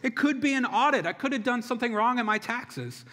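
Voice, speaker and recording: A man's voice: extremely high pitch, animated, brisk, a bit bright. A middle-aged man preaching a sermon, telling the story in a conversational way with touches of humor. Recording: long reverb of a large hall.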